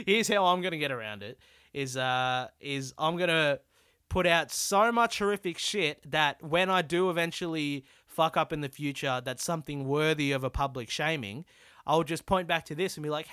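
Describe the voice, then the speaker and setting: A man's voice: on the high side, moderate pace, bright, forceful tone, clean tone, no room sound, studio quality. A young Australian man hosting a solo comedy podcast, rambling and swearing as he mocks himself. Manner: rambling, sweary and self-deprecating. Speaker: podcast host.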